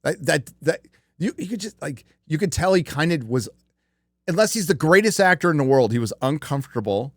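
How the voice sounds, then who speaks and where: A man's voice: a little high, lively intonation, a little fast, dry recording, clean studio sound. A man hosting a livestream show, talking casually in a rambling, profane way with many fillers. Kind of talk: casual chat.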